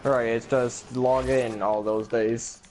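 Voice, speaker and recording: A man chatting casually with friends while playing a game on a stream, relaxed and rambling, laughing easily. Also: medium pitch, takes it slowly, faint music behind, poor audio. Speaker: gamer on a stream. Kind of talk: casual chat while gaming.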